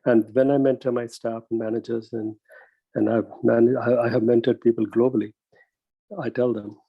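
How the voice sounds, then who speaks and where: A man's voice: medium pitch, little pitch movement, normal speed, creaky, slightly rough, dry recording, highs cut off. A man with a New York accent giving modest, chuckling remarks as a guest on a video call. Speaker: guest banker.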